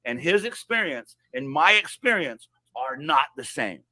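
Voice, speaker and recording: A man on a podcast telling a personal story in a heated, profane way, swinging from loud outbursts to hushed asides. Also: a little high, very animated, measured pace, no echo. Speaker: podcast guest.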